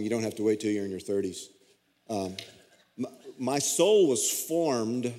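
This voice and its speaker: A man's voice: mid-range voice, a little mellow. A middle-aged man, a pastor preaching a sermon and telling a story with folksy, self-deprecating humor. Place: church sanctuary. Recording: long church reverb.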